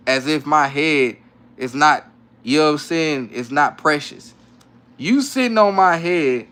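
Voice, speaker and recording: Young adult man, livestream host at home; casual slangy banter, frequent laughs, slightly high pitch. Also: animated, normal speed, fairly bright tone, clean tone. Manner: laid-back slangy banter, laughs often. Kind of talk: casual live stream chat reading comments. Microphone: phone.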